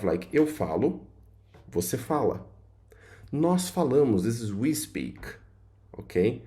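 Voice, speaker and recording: Guy teaching grammar in english, lowish mellow voice, chatty with lots of likes and so-ons. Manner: loose, repetitive explaining with many fillers. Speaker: language teacher. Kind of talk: explaining grammar to viewers.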